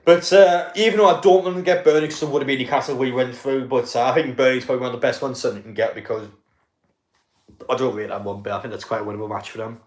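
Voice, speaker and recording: A man talks loosely over a live football match on his stream, swearing, laughing and chatting to his viewers. His voice sits at an ordinary middle pitch. It is recorded on a desk mic in an echoey room. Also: steady tone, fast. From North East England.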